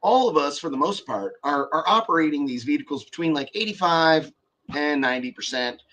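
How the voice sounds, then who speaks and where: A man's voice: fairly high pitch, lively intonation, brisk, bright, forceful tone, muffled recording. A young man in casual podcast chat about car audio, rambling and profane with many fillers and restarts.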